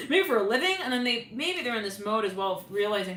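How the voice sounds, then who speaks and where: A woman's voice: medium pitch, big pitch swings, fast talker, a bit bright. A woman doing a loose, chatty tarot reading. Her talk is full of fillers, restarts and giggles. She sounds like she is in a roomy space, with faint noise in the background. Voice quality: giggly, rambling with many fillers. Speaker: tarot reader. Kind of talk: casual intuitive reading.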